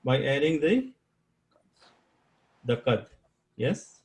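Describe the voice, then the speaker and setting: Patient teacher repeating each term. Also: male voice, mid-range voice, sing-song, drawn-out words, rough recording. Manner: patient, repeats key terms and quizzes students. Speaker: Arabic grammar teacher. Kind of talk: live online class lecture.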